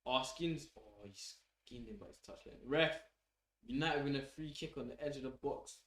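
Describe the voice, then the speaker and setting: A man hosting a fan channel, giving live match reaction commentary in an excitable, opinionated way and swearing casually. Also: medium pitch, brisk. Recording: roomy echo.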